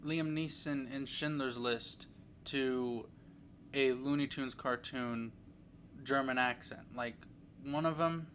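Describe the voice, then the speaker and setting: A man's voice: medium pitch, fairly even intonation, slow, fairly bright tone, a little hiss or hum. A young man giving a casual, rambling movie review, full of fillers and restarts.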